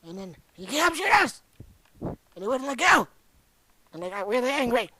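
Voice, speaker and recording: Young guy playing a rambling ancient old man, boastful and crude, bright excitable voice. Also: very high-pitched, moderate pace, slight background noise, heavily acted, poor audio. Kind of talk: amateur comedy monologue.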